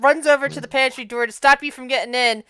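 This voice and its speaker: A woman's voice: sits high, fairly even intonation, fast talker, sharp tone, smooth, no room sound. A woman running a tabletop game as game master, stammering and restarting as she narrates.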